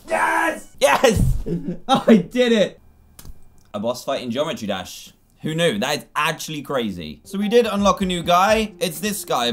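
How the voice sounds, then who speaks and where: A man giving excitable let's-play commentary on a video game, exclaiming and laughing as he plays. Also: fairly high pitch. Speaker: gaming YouTuber.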